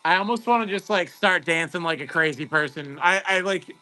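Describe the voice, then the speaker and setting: Upbeat male stream host, high bright voice, chatty, faint music behind. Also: a little fast. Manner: excitable, chatty, greets viewers by name. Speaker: host of a card-opening livestream. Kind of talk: casual livestream chat.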